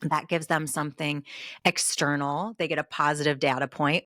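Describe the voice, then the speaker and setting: Low-voiced woman host, dry sound. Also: steady tone, normal speed, a bit bright, no room sound. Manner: reflective, builds long thoughtful points. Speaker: podcast host. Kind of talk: conversational interview.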